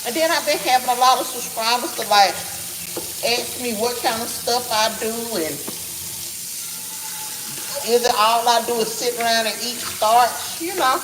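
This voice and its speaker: A woman's voice: on the high side, moderate pace, long pauses, noisy background. Chatty Southern woman in an echoey kitchen. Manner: folksy, chatty, greets viewers by name. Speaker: livestream host. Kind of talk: casual livestream chat with viewers. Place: home kitchen while doing chores. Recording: echoey kitchen with running water.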